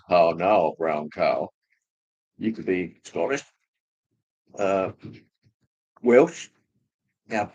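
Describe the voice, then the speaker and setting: Slow, low-voiced man chatting. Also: a little mellow, husky. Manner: slow, rambling, hesitant with many fillers. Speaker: livestream host reading chat. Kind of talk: casual chat.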